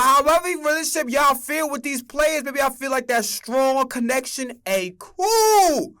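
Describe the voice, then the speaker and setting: Young male streamer, high-pitched and emphatic, profane casual football rant. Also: sharp tone.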